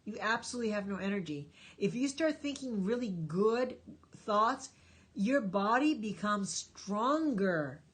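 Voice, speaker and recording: Here a woman hosts a live stream Q&A, reading chat and responding to viewers with emphatic, encouraging life advice. Her husky voice sits in the mid-range.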